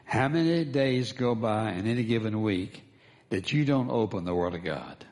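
A man's voice: lowish voice, expressive, normal speed, a little mellow. A man as pastor, preaching a sermon, calling for responses from the congregation and repeating key phrases for emphasis.

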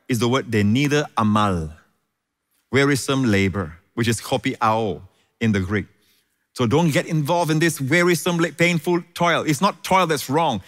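A man's voice: medium pitch, a bit bright. A male preacher giving a sermon, emphatic and repetitive, stretching key words and adding frequent amens. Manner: emphatic, repeats phrases, frequent "amen"; drawn-out stressed words, sing-song rises. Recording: long hall reverb.

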